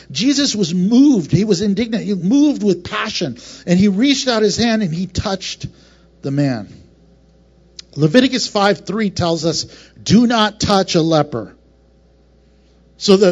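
A man with a high voice preaches with passion, swinging from soft, low moments to bright, raised ones and tossing in playful acted asides. The sound is muffled and lo-fi. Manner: passionate, varied delivery with laughs and acted asides. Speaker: pastor. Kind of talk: sermon.

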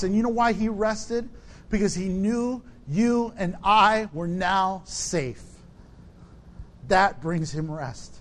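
Man, middle-aged pastor, high voice, slow dramatic sermon delivery. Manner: animated preaching, acts out quoted people in a high shout.

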